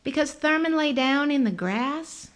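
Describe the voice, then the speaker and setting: A woman doing a high, sardonic bar woman. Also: expressive, a little slow. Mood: rueful. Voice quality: soft, bell-like voice.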